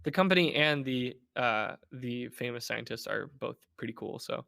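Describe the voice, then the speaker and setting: A man chatting casually as a guest on a podcast, animated and playful, slipping into mock voices. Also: mid-range voice, moderate pace, creaky. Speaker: guest, game developer.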